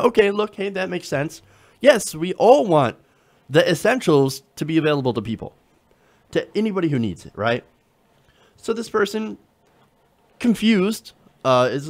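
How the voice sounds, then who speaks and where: A man hosting casual political commentary, talking conversationally with sarcasm and frequent fillers. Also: fairly high pitch.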